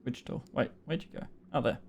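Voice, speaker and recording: A man's voice: a little fast, a little hiss or hum. An Australian man narrating as game master in a casual, rambling tabletop session, laughing often.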